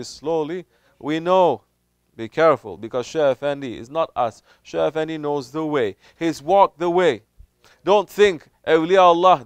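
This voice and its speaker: A man gives a lively sermon, often raising his voice to act out doubters and questioners. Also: fairly high pitch, clear, resonant tone, dry recording. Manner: animated, acts out doubters in raised voice. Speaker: Sufi teacher.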